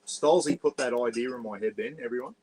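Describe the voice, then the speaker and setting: A man's voice: medium pitch, fairly quick, background noise. A man with an Australian accent, hosting a rambling, casual livestream chat from his caravan. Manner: rambling and chatty, often saying "bloody". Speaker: vlog host. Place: parked caravan.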